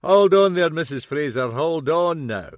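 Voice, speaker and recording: A man voicing a shrewd, middle-aged Scottish detective who needles a suspect slowly. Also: a little high, animated, dry recording, clean studio sound, pitched above the performer's own voice. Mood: sly. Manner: slow, needling, toying.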